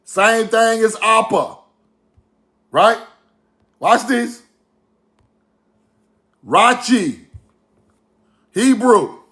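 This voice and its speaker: A man's voice: sits high, lively intonation, very slow, creaky, pauses often, sharp tone. A man with talking casually to his viewers, emphatic and repetitive, often checking "right?" with them. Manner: emphatic, repetitive, asks viewers rhetorical questions. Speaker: online history commentator. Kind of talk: casual video commentary to viewers.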